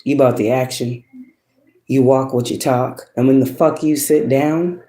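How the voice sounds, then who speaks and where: A woman's voice: extremely low pitch, steady tone, a little slow, reverberant, noisy background. A woman giving a casual spiritual monologue, preachy and profane, asking rhetorical questions and laughing often. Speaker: spiritual influencer.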